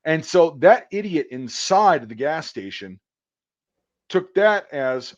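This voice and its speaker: A man's voice: on the high side, big pitch swings, slow pace, muffled recording. A man who works as an electrician, telling a rambling work story in casual chat, swearing often and stumbling over fillers. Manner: profane, rambling, full of fillers.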